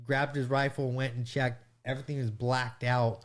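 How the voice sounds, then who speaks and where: A man's voice: medium pitch, level tone, moderate pace. A man who is a guest on a podcast, telling a rambling story in casual chat with lots of fillers.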